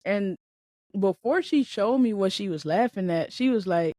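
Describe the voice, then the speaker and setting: A woman hosting a podcast in a casual, slangy monologue, talking in an animated way and laughing often. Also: medium pitch, moderate pace, no echo. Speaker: podcast host.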